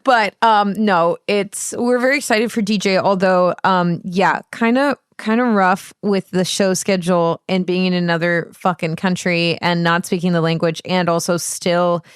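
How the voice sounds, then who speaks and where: A woman's voice: fairly low pitch, steady tone, moderate pace, hardly any pauses, smooth, dry recording, clean studio sound. A woman hosting a podcast, chatting casually with a co-host in a bubbly, teasing manner and swearing freely. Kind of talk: casual chat.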